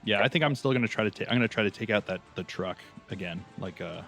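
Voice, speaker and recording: A man's voice: fairly low pitch, quick pace, fairly bright tone, soft background music. A man playing a tabletop roleplaying game, chatty and joking with his group. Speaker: player. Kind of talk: casual tabletop play.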